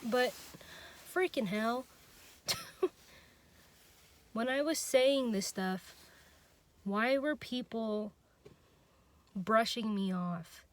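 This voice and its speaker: A young woman venting her frustration in an unscripted personal vlog, halting and restarting, trailing off and laughing at herself. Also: fairly high pitch. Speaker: vlogger.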